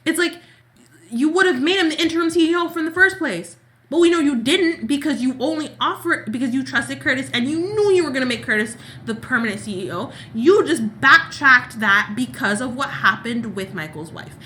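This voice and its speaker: A woman's voice: high voice, animated, a little fast, pushed and bright, slight background noise. A woman co-hosting a casual soap opera recap, talking in long, exasperated run-on rants. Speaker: podcast co-host.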